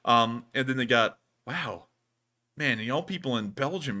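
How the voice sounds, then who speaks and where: A man's voice: mid-range voice, animated, measured pace, sharp tone. A man hosting a casual livestream chat, talking in a drawling, folksy way while feeling unwell. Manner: drawling, folksy, repeats thank-you phrases. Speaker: livestream host.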